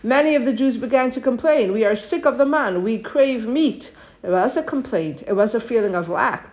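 A woman's voice: mid-range voice, a little mellow. Woman, Torah teacher, earnest, exhorting, rhetorical questions, mid-range voice, dull lo-fi sound. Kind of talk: weekly Torah lesson. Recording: dull lo-fi recording.

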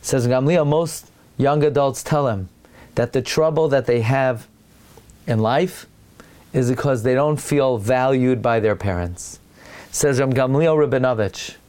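A man giving a sermon with animated storytelling and rhetorical questions, sprinkling in Hebrew terms. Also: medium pitch, unhurried. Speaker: religious teacher.

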